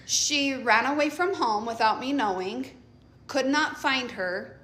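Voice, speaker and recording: A woman's voice: high-pitched, lively intonation, measured pace, a bit bright. A middle-aged woman, a mother, telling a casual storytime about her teenage daughter, blunt and offhand, laughing often.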